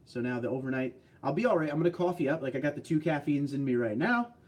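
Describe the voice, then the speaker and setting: A man's voice: fairly high pitch, lively intonation, quick pace, darkish tone. A man hosting a casual livestream, reading out chat messages in a laid-back way, tired from little sleep but upbeat and chuckling often. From New Jersey, US. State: short on sleep.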